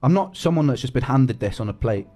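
A man's voice: medium pitch, animated, quick pace, mellow, faint music behind. A young man talking casually to fans on a live stream, emotional and close to tears, swearing and repeating himself. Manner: emotional, swears, repeats words, says mate and bro. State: tearful.

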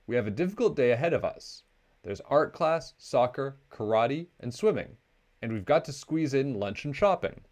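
A man voicing a mother bear from a storybook, overwhelmed and hurried. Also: mid-range voice, lively intonation, darkish tone, pitched above the performer's own voice, lightly acted. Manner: rushed, stressed.

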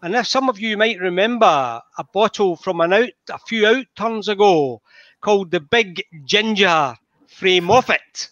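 A man's voice: sits high, lively intonation, moderate pace, a bit bright, dry recording, dull audio. A Scottish man hosting a live online whisky tasting, chatty and greeting viewers by name over a video call.

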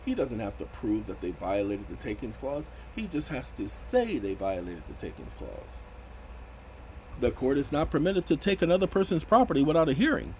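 A man talking through legal points in a casual commentary, his pitch swinging up high whenever he gets indignant. His delivery is emphatic and animated, over a faint hiss of background noise. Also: normal speed, low-quality recording. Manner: emphatic, rises sharply when indignant.

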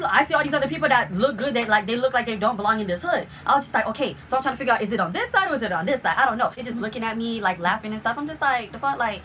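Young woman, storytime vlog, rapid-fire, bright tense voice, faint room hum. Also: a little high. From South Florida. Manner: excitable, slangy, gushing storytelling. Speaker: vlogger.

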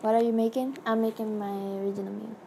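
A woman's voice: on the high side, fairly even intonation, fast, gravelly, dark tone. A young woman chatting casually on a live stream while she animates, rambling and self-deprecating. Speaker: animator streaming her work. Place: home, seated at a computer. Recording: noisy home live-stream audio.

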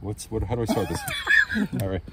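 A man's voice: lowish voice, a little fast, mellow. A man doing a casual vlog intro, laughing and stumbling over his words, with lots of chatter around. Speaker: guest vlogger.

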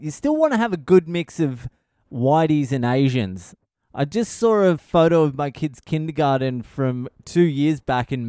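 A man's voice: a little high, a little mellow, dry recording, clean studio sound. A middle-aged man, a comedian hosting his own podcast, rambling through a casual comedic monologue and swearing constantly.

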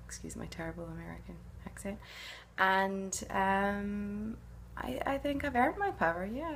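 Casting note: actress answering fan questions to camera, middle-aged woman, low gravelly voice, casual and musing. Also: a bit bright, a little hiss or hum. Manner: chatty and musing, with frequent hesitations.

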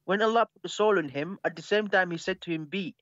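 A man's voice: high voice, fast talker, fairly bright tone, dry recording. Hesitant defensive man, dull and dry. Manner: hesitant, defensive, many ums and restarts. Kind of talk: heated debate.

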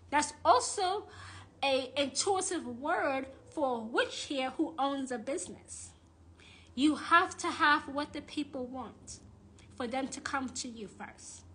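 A woman's voice: high voice, animated, takes it slowly, bright, forceful tone. A woman who works as a witch and tarot reader, ranting on a livestream in a blunt, profane, indignant way and repeating phrases for emphasis. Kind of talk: live-streamed rant.

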